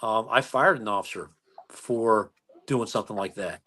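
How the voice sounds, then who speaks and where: A US police chief in his sixties, speaking at normal speed with a fairly low voice, tells stories animatedly during an interview. He acts out the dialogue as he goes.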